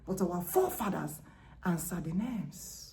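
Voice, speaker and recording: A woman preaching, swinging between hushed whispers and loud exclamations. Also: fairly low pitch, expressive, measured pace, gravelly, echoey room, a little hiss or hum. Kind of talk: spiritual preaching.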